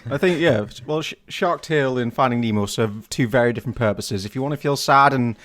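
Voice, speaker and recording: A man's voice: medium pitch, a little fast, a bit bright. Giggly man on a podcast. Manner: giggly, self-mocking. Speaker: podcast co-host. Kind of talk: casual comedic chat.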